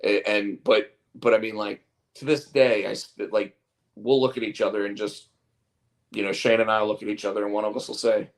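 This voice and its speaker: A man's voice: on the low side, flat delivery, a little fast. A man hosting a casual chat show, rambling and repeating words as he tells stories. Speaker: podcast host and comic artist.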